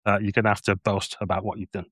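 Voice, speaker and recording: A man's voice: lowish voice, little pitch movement, fast, fairly bright tone, breathy edge, no room sound, clean studio sound. A man narrating as game master of a tabletop game, playful and descriptive, with frequent restarts.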